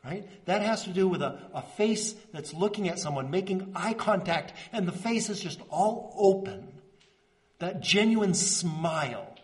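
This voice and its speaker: Man, pastor, high voice, conversational sermon, earnest, soft slow pauses. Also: animated. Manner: earnest, checks in with "right?" and "okay?".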